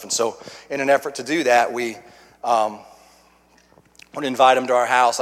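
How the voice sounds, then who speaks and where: A middle-aged man, a guest pastor, telling his testimony in a folksy sermon, restarting phrases and swinging from hushed to loud. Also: mid-range voice. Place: church sanctuary. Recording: long reverb of a church hall.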